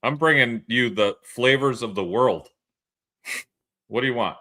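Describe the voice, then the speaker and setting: Joking man with a bright forceful voice. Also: mid-range voice, measured pace. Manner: joking, swearing, laughs often. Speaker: podcast co-host. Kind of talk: casual banter.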